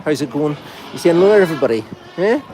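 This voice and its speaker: A man's voice: a little high, lively intonation, quick pace, background noise. A man hosting a casual farm video, chatting and cooing affectionately at his goats in an animal pen, filmed on a phone. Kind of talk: casual talk to animals and viewers.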